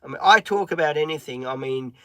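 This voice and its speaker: Rambling man with a slightly high voice. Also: fairly quick, sharp tone, clear, resonant tone, no echo. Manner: rambling, with many filler ums; breaks off to talk to his dog. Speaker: live streamer. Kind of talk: casual live-stream chat. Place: inside a van.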